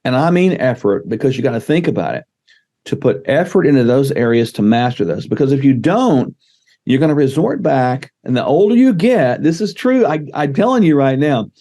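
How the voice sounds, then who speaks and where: Male guest expert, warm low timbre, emphatic coaching delivery. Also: sing-song, moderate pace. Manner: emphatic, coaching tone with numbered points. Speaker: guest doctor. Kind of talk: casual podcast interview.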